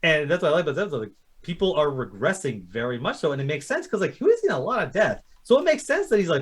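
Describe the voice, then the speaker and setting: A man's voice: fairly high pitch, very animated, rapid-fire, breathy edge. A man co-hosting a casual TV recap podcast, swearing freely and acting out characters' lines as he talks. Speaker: podcast co-host. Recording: livestream podcast.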